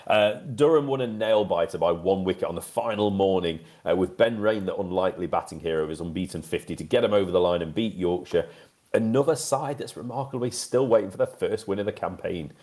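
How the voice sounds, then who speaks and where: A man's voice: sits low, a little fast, darkish tone. A man co-hosting a cricket podcast, reading results from notes in a casual, chatty way. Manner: reads scores off notes, chatty and upbeat. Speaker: podcast co-host.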